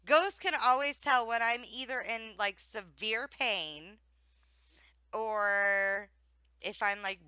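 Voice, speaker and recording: A woman from Ohio with a mild Southern accent, chatting casually as a streamer guest, animated and laughing, with frequent swearing. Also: a little high, slow pace, clear, resonant tone, dry recording, rough recording. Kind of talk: casual chat.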